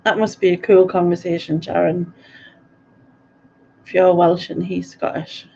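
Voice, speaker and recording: Mid-life Sunderland woman hosting a late live stream, slow and mellow, gravelly, rambling and giggly, dull home audio. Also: on the low side, flat delivery, slight background noise. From North East England. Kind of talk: casual chat reading viewer comments.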